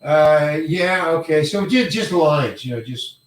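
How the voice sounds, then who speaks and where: An older male actor telling a career story in an interview, halting and rambling, often repeating words and chuckling. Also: fairly high pitch, animated. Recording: roomy echo, mic set far away.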